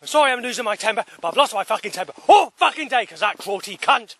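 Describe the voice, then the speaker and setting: A man in a furious, yelling rant, swearing heavily as he loses his temper. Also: high voice, animated, quick pace, husky. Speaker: vlogger. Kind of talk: shouted rant.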